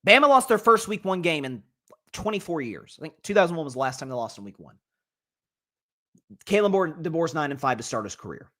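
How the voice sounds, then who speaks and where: A man's voice: fairly high pitch, sing-song, a little fast, pushed and bright. Rambling man hosting a sports show. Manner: rambling, conversational, many restarts and asides. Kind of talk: college football commentary.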